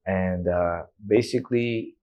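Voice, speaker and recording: A man's voice: sits low, takes it slowly, lo-fi sound. A man in his thirties, a guest in an interview, candidly retelling a personal story with emotion and quoted dialogue.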